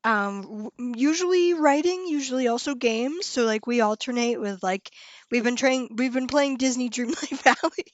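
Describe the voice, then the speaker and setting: A young adult woman hosting a casual live stream. She talks with viewers in a bubbly, excitable way, often trailing off, starting over and laughing. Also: a little high, normal speed, no echo. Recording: dull lo-fi sound, dry room.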